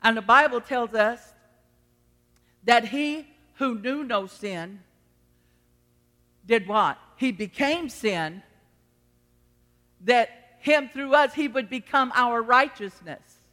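A woman's voice: a little high, takes it slowly, pauses often, pushed and bright. A middle-aged woman pastor preaching a sermon, emphatic and acting out the voices she quotes. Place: church sanctuary. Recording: long reverb of a church hall.

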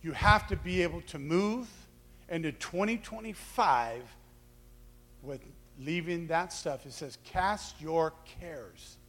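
High, bright-voiced male preacher in a reverberant hall. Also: a little slow. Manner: animated, acts out quoted voices, shouts for emphasis. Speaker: pastor. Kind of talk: sermon.

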